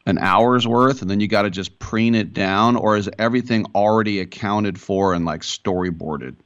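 A man hosting an interview, jokey and quick to laugh. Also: on the low side, smooth, dry recording, dull audio. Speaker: interview host. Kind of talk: casual interview chat.

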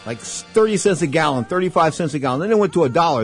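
A man's voice: a little high, lively intonation, quick pace, few pauses, slightly rough, faint music behind. An older man hosting a boxing talk radio show, rambling through stories and repeating his catchphrases. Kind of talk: casual talk radio monologue.

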